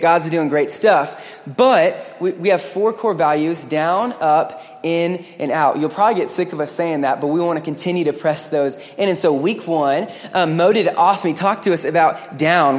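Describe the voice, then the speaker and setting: A man preaching a lively sermon as pastor, joking with the congregation. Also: a little high. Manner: energetic, joking, acts out quoted voices. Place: church sanctuary. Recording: long hall reverb.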